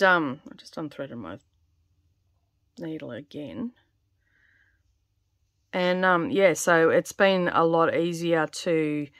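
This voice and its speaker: A middle-aged Australian woman talks casually while she works, rambling with plenty of ums and a slightly croaky edge. Her voice sits on the low side. The recording is dry, with little room sound. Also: no echo. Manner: rambling, filler-heavy, chatty. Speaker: cross-stitch vlogger. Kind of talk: casual chat while stitching. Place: home craft studio. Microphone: camera on tripod.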